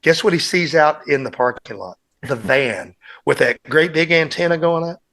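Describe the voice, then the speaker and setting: A man's voice: a little high, expressive, moderate pace, a bit bright. A man on a casual podcast, telling long, rambling band anecdotes as a guest musician and acting out what others said.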